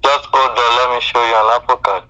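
A man's voice: mid-range voice, flat delivery, brisk, bright, forceful tone. A man on a phone call who keeps pleading with her to hold on and listen. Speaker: scam caller. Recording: muffled phone line.

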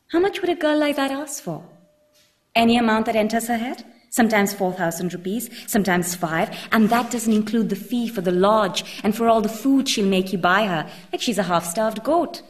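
A woman's voice: mid-range voice, close to an everyday voice. A woman reading as a boastful bar patron. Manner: vigorous, lecturing, full of local slang. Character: boastful male bar patron, leering and chatty. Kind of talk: reading a book passage aloud.

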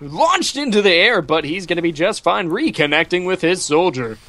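A commentator calling a video game match with rapid play-by-play, saying "gonna be" constantly. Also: medium pitch, sing-song, a bit bright. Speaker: esports commentator.

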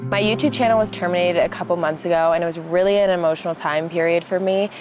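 A woman's voice: on the low side, fairly even intonation, fast, over music. A young woman vlogger chatting casually, telling a story with lots of "like" and laughs. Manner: chatty, laughing, filler-heavy with "like".

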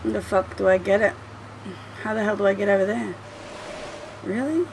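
A woman's voice: medium pitch, normal speed, vocal fry, noisy background. A woman commentating her gameplay at home, chatty and swearing freely as she talks to the game. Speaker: gameplay streamer. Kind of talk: let's play commentary.

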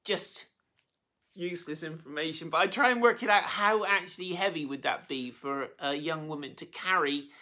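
A preacher giving an informal sermon, retelling a Bible story in a chatty, animated way with many fillers and self-corrections, and plainly moved by it. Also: mid-range voice, normal speed.

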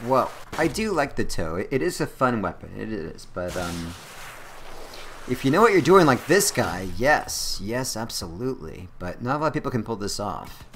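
A man giving casual gameplay commentary, excitable and exclaiming at the action. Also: mid-range voice, normal speed, slight background noise.

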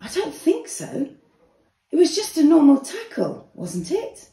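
A young girl footballer from a storybook, honest and a little unsure, wondering aloud in a raised, child-like voice, as a woman reads her part. She talks slowly and mellowly, and the recording has a roomy echo. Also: high-pitched, wildly swooping pitch, gravelly, warm tone, recorded from a distance, voice pushed up, heavily acted.

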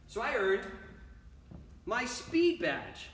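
A man's voice: very high voice, wildly swooping pitch, slow pace, pauses often, a bit bright, very echoey, slight background noise. A man coaching a children's home gymnastics workout, upbeat and playful, talking straight to the kids watching. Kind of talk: kids' home workout lesson.

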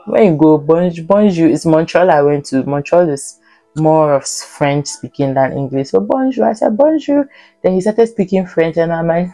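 A young woman from Ghana talks through her travel tips in a relaxed, chatty vlog. Her voice sits low and mellow, recorded close and dry, with faint music underneath. She laughs easily and jumps up in pitch when she acts out conversations. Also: dry recording. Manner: chatty, laughs often, acts out airport dialogue in a raised voice. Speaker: vlogger. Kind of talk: casual travel advice vlog.

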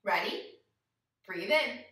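Bright-voiced woman guiding little kids through yoga, sing-song and slow, heard in a roomy space. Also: mid-range voice, far from the mic. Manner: animated, sing-song, talks directly to young children. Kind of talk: playful kids yoga lesson.

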